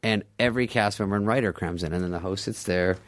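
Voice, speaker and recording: Animated man telling stories, laughing a lot. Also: on the low side, quick pace. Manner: animated, laughs often, acts out quoted people. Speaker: guest comedian. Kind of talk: casual storytelling chat.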